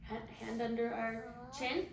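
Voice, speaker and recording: A woman's voice: fairly high pitch, steady tone, gravelly. Sing-song woman teacher, echoey classroom. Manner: sing-song, drawn-out teacher talk with bright praise. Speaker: kindergarten teacher. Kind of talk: classroom teaching to young children. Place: classroom with children. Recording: very echoey classroom, mic far off, faint hiss.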